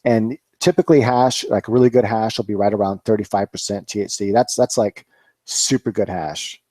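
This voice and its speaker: Rambling low-voiced grower man. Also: normal speed, a little mellow, dry recording. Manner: rambling, many fillers, swears freely. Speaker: cannabis grower, channel host. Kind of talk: casual live-stream chat.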